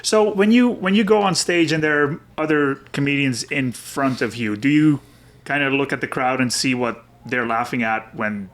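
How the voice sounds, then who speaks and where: A man's voice: medium pitch, normal speed, fairly bright tone. A man co-hosting a podcast, asking the guest questions in casual chat. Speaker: podcast co-host.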